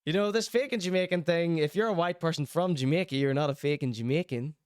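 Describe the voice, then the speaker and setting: A young Irish man hosts a live-streamed chat show, riffing and teasing viewers in loose, jokey banter. His voice sits a little high and comes through smooth and clear. The sound is close and dry. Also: fast, a little mellow, no echo. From Ireland. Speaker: livestream host.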